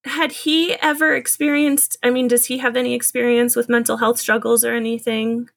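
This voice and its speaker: A woman hosting a podcast interview. She responds with quick, affirming backchannels and asks gentle questions. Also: on the high side, level tone, creaky. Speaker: podcast host. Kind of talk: empathetic interview.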